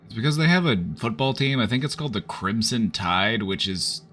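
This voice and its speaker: A man's voice: lowish voice, expressive, fairly quick, pushed and bright, faint music behind. A man chatting casually on a live stream, rambling with lots of fillers. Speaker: streamer offering support.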